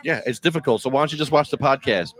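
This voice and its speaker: A man's voice: medium pitch, quick pace. A man co-hosting a podcast, chatting casually with a teasing, mock-stern edge. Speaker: podcast co-host. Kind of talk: casual chat.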